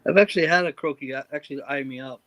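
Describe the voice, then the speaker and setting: A man's voice: fairly high pitch, racing, a bit bright, a little hiss or hum, poor audio. A man calling in to a live stream from home, chatting in a loose, rambling way. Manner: easygoing, rambling, loose grammar. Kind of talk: casual chat. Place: home in Hawaii.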